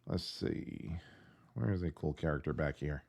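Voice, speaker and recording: A man's voice: extremely low pitch, measured pace, creaky, darkish tone, no echo. A man giving an enthusiastic, rambling video review at home, with many fillers. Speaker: tabletop game reviewer. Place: at home with his dog nearby.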